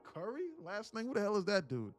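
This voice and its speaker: Man putting on a high, whiny broke viewer. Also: sing-song, brisk, soft background music. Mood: mocking. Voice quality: profane, whiny and mocking. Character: broke impatient young male viewer demanding trades.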